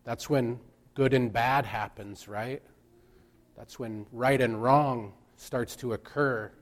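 A man preaching a reflective sermon at an unhurried pace. He speaks in measured phrases and stops often to let a point land. His voice sits at an ordinary middle pitch. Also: steady tone. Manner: slow, measured, with pauses for emphasis.

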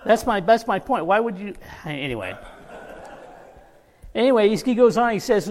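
With long reverb from the church hall, a pastor preaches in a high, darkish voice with lively intonation, normal speed and long pauses. His sermon is a personal story told with laughter and relaxed asides.

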